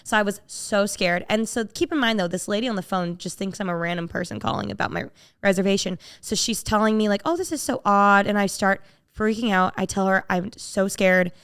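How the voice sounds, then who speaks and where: A woman's smooth, medium-pitched voice moves fairly quickly with few pauses as she hosts a podcast. In casual conversation she tells an animated story, voicing each of its characters.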